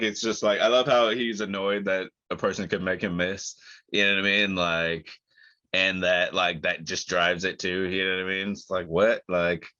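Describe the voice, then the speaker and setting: Man, casual podcast co-host, very deep voice, laughs easily, dull lo-fi recording. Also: pushed and bright. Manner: laughs easily, loose conversational phrasing. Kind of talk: casual chat.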